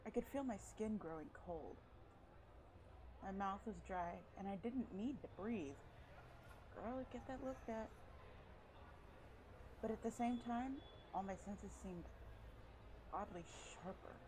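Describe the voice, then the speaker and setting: A woman's voice: mid-range voice, unhurried, noisy background. A woman reading a visual novel aloud, dropping breezy, swearing jokes between the lines. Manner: breezy, swears casually in jokey side comments. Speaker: let's play gamer.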